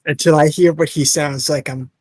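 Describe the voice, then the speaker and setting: A man's voice: fairly high pitch, steady tone, normal speed, darkish tone, no echo. A man streamer chatting casually and laughing at himself while playing a game. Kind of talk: casual chat.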